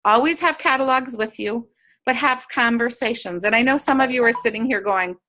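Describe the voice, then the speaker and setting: Bright, high-voiced woman coaching sellers. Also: brisk. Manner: upbeat, coaching, acts out sample chats. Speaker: sales trainer. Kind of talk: training talk to direct sellers. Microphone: video call.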